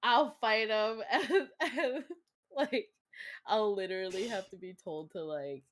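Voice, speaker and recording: A woman's voice: mid-range voice, very animated, a little slow. A woman streamer chatting casually with a guest, laughing often and restarting her sentences.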